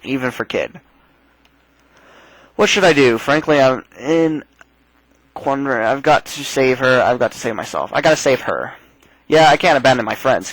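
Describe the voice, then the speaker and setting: A man's voice: medium pitch, fairly bright tone, no echo, rough recording. Man narrating a text game. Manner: casual reading with asides. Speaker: let's play host. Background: faint game music.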